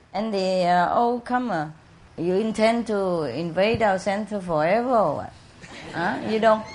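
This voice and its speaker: A woman speaks in an unhurried, drawn-out way with a slightly low pitch. She jokes warmly with the people in front of her and coos over her pets, and her English has loose non-native grammar. Clear background noise from the live room runs under her voice. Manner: playful and teasing, coos affectionately to pets. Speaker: leader of a spiritual center gathering. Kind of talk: casual talk to a live audience. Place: indoor room with an audience. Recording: noisy live room recording.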